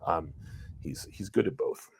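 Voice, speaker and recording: A man's voice: unhurried, no echo. A man co-hosting a podcast, giving casual commentary in a rambling way full of fillers and self-corrections. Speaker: podcast co-host.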